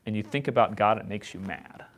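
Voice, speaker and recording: A man leading an informal Bible study, talking in a halting way and often repeating words as he restarts his sentences. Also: lowish voice, a bit bright. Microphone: set up far from the speakers.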